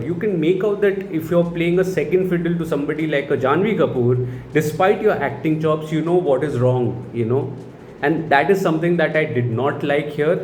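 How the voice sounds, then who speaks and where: A man's voice: a little high, darkish tone. A man with an Indian English accent giving a sarcastic, exasperated film review full of rhetorical questions. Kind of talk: opinionated film review monologue. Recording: roomy echo, faint background noise.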